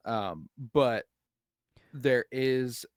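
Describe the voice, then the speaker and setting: A man's voice: mid-range voice, drawn-out words, dry recording. Man chatting on a podcast, dry sound. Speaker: podcast co-host. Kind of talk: casual movie discussion.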